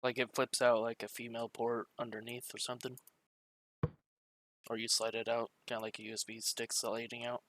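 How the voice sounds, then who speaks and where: A man's voice: medium pitch, completely flat delivery, brisk, fairly bright tone. A man playing a tabletop game casually, describing what his character does. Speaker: player.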